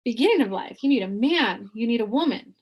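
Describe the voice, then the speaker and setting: A woman giving a spiritual reading as a psychic medium, animated and acting out quoted voices in her own voice. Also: on the high side, brisk, slightly rough, highs cut off.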